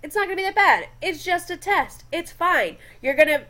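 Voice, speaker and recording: High-voiced woman lecturing casually. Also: lively intonation, moderate pace, pushed and bright. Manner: chatty, often checks in with "okay?". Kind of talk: classroom lecture with slides.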